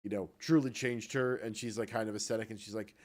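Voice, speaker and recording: A man's voice: on the low side, fairly even intonation, fast talker. Hesitant man rambling on a gaming podcast. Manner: rambling, hesitant, lots of fillers and restarts. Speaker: podcast co-host. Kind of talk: casual chat about video games.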